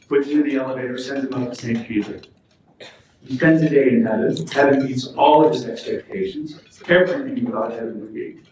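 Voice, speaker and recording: A man's voice: medium pitch, a little mellow, slight background noise. A middle-aged man from Alaska giving an earnest public speech at a political event, telling a joke before making his case. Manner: earnest, storytelling, emphatic. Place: hotel function room. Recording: echoey hotel hall, mic from far off.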